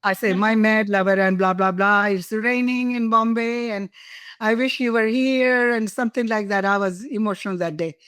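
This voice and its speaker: A woman's voice: a little high, moderate pace, clear, resonant tone, no echo, studio quality. An older woman from India, a guest telling personal stories in an interview, laughing and emotional at times. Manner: warm, laughing, emotional storytelling.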